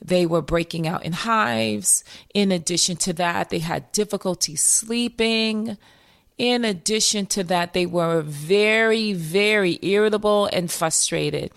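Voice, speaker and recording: A woman's voice: mid-range voice, measured pace. A woman mental health therapist hosting a motivational podcast, speaking emphatically, repeating key phrases and calling her listeners "my friends.".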